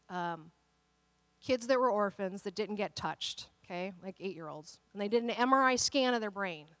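Female pastor, 30s, casual animated sermon delivery, higher voice, dry close sound. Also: no echo. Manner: animated, conversational preaching with many restarts.

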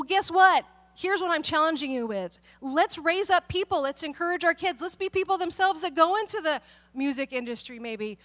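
A woman pastor giving a conversational sermon, telling stories and acting out the people in them. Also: sits high. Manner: animated storytelling, acts out quoted people.

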